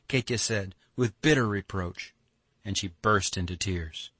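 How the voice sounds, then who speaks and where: A man narrating a classic novel as an audiobook, in a measured storytelling manner, recorded close to the mic. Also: low-pitched, fairly even intonation, pushed and bright, no echo. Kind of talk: scripted narration.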